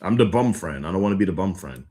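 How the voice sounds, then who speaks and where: Young man, livestream chat, slangy and rambling, lowish voice, animated bursts. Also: fast talker. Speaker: livestream host. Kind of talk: casual live-stream chat with viewers.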